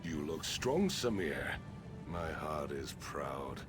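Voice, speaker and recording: Give this a stern older desert king and proud father. He speaks in slow, measured, grand declarations, each phrase drawn out for weight. Game music swells clearly behind him. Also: very deep voice, big pitch swings, exaggerated voice. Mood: solemn. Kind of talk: video game voice acting.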